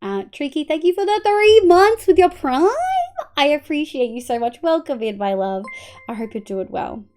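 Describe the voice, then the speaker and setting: Aussie lady gamer streaming, slightly high voice, chatty and sweary, goes from mumbly to loud. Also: lively intonation, normal speed, soft background music. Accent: Australian. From Australia. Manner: chatty, swearing, thanks viewers by name; swings between quiet mumbles and loud bursts. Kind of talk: casual live-stream chat while gaming.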